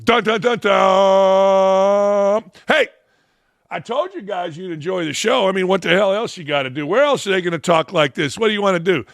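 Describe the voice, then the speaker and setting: A brash man hosting a sports talk show, his voice pitched high and bright. He mocks and jokes through his opinionated commentary, close and dry on the mic. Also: quick pace, creaky, dry recording. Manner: brash and mocking, animated.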